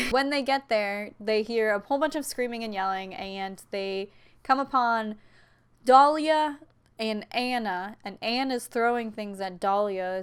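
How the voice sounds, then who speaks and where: A woman's voice: mid-range voice, clear, resonant tone. A woman giving a casual, profane, sarcastic recap of a horror movie as the host of her channel, tossing in mocking quoted lines. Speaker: video essay host.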